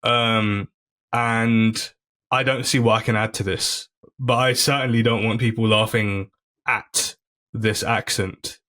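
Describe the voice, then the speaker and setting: A man's voice: fairly low pitch, steady tone, slow pace, bright, forceful tone. A comedian, a man, chatting as a podcast guest and telling stories in an earnest way. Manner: earnest, storytelling, many fillers and restarts. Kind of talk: casual chat.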